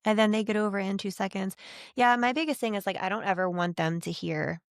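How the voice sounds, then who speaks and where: A woman's voice: mid-range voice, fairly even intonation, fast, no echo, clean studio sound. A woman hosting a faith podcast, chatty and effusive, using lots of fillers like "like" and "um". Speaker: podcast host. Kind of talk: casual faith conversation.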